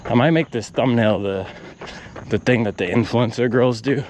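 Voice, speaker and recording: A man's voice: mid-range voice, moderate pace, noisy background. A man vlogging while out on a run, ranting animatedly and working through his pace math aloud. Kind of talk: casual vlog rant while running. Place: outdoors on a run.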